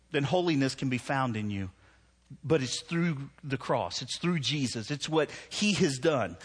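A man's voice: mid-range voice, big pitch swings, moderate pace, slightly rough. A man pastor, preaching a sermon in a conversational, self-deprecating way that rises into emphatic preaching. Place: church hall. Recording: long hall reverb.

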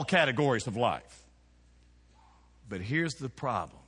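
A middle-aged man preaching a folksy, animated sermon, firing rhetorical questions at his congregation. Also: on the high side, fairly quick. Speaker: pastor. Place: church sanctuary. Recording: long reverb of a church hall.

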